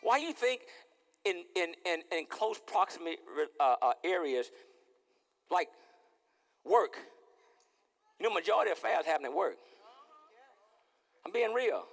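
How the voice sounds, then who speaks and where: A man preaching as pastor in a lively, playful sermon, acting out little scenes and repeating his words. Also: sits high, unhurried, pauses often, in a large hall. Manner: animated, playful, repeats words, acts out dialogue. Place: church sanctuary.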